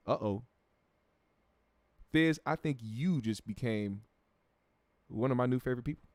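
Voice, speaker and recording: A man's voice: mid-range voice, a little slow, pauses often, no room sound. Laid-back, profane American man. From United States. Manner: laid-back, profane, repeats words while thinking. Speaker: show host reading viewer comments. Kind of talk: casual livestream chat.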